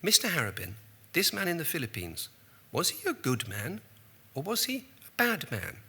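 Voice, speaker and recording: A prim older stateswoman with a bright, edgy tone, gushing in a high, genteel voice, as a man mimics her mid-anecdote. she is brisk and imperious, sweet on the surface but clipped underneath. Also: huge pitch swings, husky, full character voice. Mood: probing.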